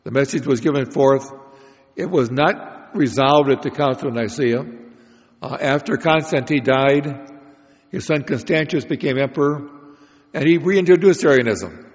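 A man teaches through a prepared Bible lecture, explaining each point in a measured way. His voice sits at an ordinary pitch. The recording is dull and lo-fi, with the long reverb of a large hall. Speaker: Bible study speaker.

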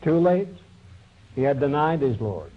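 A man's voice: mid-range voice, very animated, a little slow, husky. A man preaching a sermon, retelling a Bible story in a folksy, conversational way and voicing its figures with small shifts. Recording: dull lo-fi recording.

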